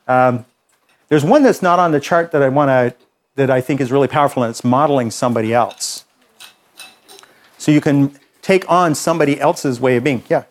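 A man running a workshop for a small group, speaking at an ordinary middle pitch. He explains ideas and tells stories in a relaxed, conversational way. He keeps asking "okay?" to check that everyone is following. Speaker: workshop trainer. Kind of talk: classroom teaching with anecdotes.

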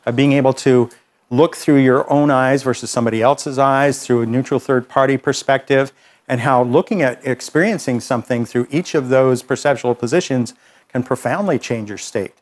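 A man running a workshop for a small group, speaking at an ordinary middle pitch. He explains ideas and tells stories in a relaxed, conversational way. He keeps asking "okay?" to check that everyone is following. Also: normal speed. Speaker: workshop trainer. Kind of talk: classroom teaching with anecdotes.

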